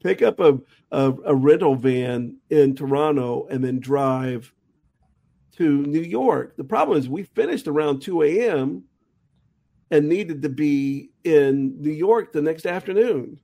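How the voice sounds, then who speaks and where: A man's voice: fairly high pitch, animated, a little slow, creaky, dark tone. A middle-aged man, a jazz musician and teacher, casually telling a rambling anecdote with many restarts. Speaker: touring jazz musician and college teacher, guest. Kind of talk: casual storytelling in a conversation.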